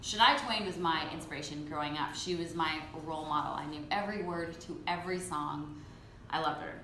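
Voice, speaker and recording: A woman's voice: deep voice, brisk, sharp tone. A young woman from Canada, a country singer, chatting casually as she reads fan questions aloud and answers them. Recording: echoey room with faint ambient noise.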